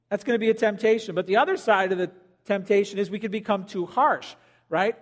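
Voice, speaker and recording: A man preaching a sermon as pastor in a church, animated and joking with the congregation, now and then acting out quoted voices. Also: sits high, fairly quick. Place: church auditorium. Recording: long hall reverb.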